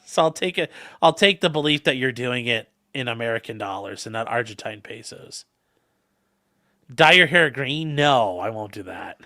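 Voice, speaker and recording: A man's voice: mid-range voice, expressive, normal speed, pushed and bright. A man hosting a livestream, rambling and joking as he reacts to the chat. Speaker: livestream host reading chat. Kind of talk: casual stream chat.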